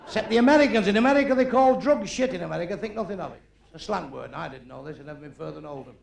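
A man's voice: high voice, animated, creaky. A middle-aged man with a Manchester accent doing a crude, brash stand-up routine on a live stage. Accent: Northern English, Manchester. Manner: crude, brash joke-telling with quick asides. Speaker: stand-up comedian. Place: live club or theatre stage. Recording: roomy live venue with crowd. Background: audience laughter.

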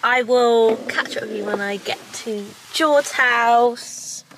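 A young woman talking casually to camera for a day-in-the-life vlog, gushing and excitable, full of "like" and "oh my God". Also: fairly high pitch, takes it slowly, background noise. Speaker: lifestyle vlogger.

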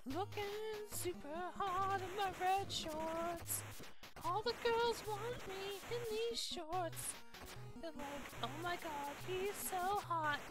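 A woman voicing a boastful shirtless middle-aged male strongman, speaking in a smug, drawn-out, mock-seductive way. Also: extremely high pitch, over music, pitched above the performer's own voice, poor audio. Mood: smug boasting.

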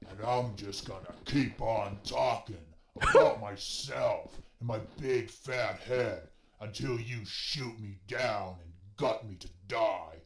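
A taunting greedy pig boss. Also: male voice, fairly low pitch, takes it slowly, creaky, hardly any pauses, roomy sound. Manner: taunting, droning self-centered talk. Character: boastful greedy male demon pig boss.

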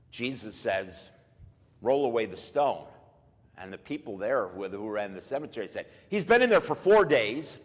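A man preaching at a memorial service, retelling a story in a conversational way and jumping much louder for quoted lines. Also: fairly low pitch, slightly rough. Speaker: pastor. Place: church. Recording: long church reverb.

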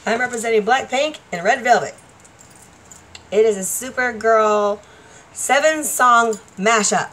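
A woman's voice: on the high side, a little slow, long pauses, a bit bright, low-quality recording. A woman vlogger talking casually to the camera, rambling and laughing often. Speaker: vlogger and stage performer.

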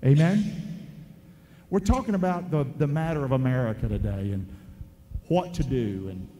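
A man's voice: mid-range voice, expressive, normal speed, dark tone. A man preaching a sermon, calling out to his congregation and having them repeat lines back. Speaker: pastor. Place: church sanctuary. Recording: echoey church hall.

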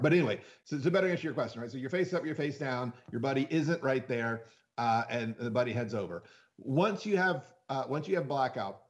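A man with a mid-range voice, neither high nor low, talks through a safety topic on a podcast. He speaks in a loose, animated way, with restarts and little acted-out quotes in between. He comes across as an instructor explaining things to a casual listener. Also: muffled recording. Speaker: freediving instructor guest.

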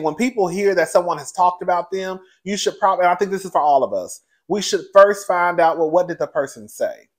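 A fairly high-voiced man gives a gossipy recap, loose and conversational. He is sassy and animated, swoops his voice up and down, and breaks into laughter as he calls everyone "girl". It sounds like a host talking straight to his regular viewers. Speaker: show reviewer and host. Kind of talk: casual reality TV recap commentary.

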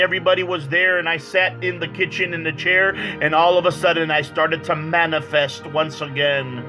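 A man evangelist giving a personal testimony, earnest and halting, often repeating words as he goes. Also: high voice, bright, forceful tone, poor audio. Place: church.

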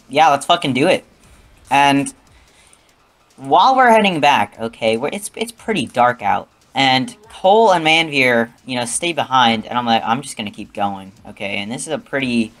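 A man's voice: medium pitch, fairly bright tone. A young man telling a rambling, profane story in casual talk, often adding "okay?".

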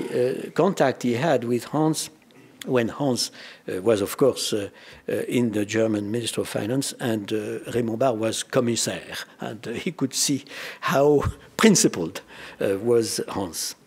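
Husky older man with a French accent. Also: medium pitch, a little mellow. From France. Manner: measured, formal, with dry anecdotes and frequent "uh" hesitations. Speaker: speaker at a memorial colloquium. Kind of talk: formal commemorative speech.

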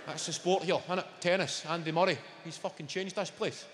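A Scottish man in his thirties doing a stand-up comedy set, sweary and animated as he banters with the crowd. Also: high-pitched, brisk, very noisy. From Scotland. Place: large theatre stage. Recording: live theatre mic, long hall reverb. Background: audience ambience.

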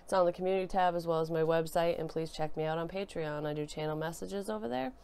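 A woman's voice: lowish voice, quick pace, a little mellow, clean tone. A young woman with a cold and a nasal voice, chatting casually through a tarot reading with many fillers. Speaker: tarot reader.

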